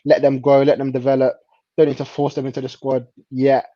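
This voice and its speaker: A man chatting casually about football as a co-host, relaxed and hesitant, often laughing. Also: medium pitch, a little fast, dry recording, highs cut off.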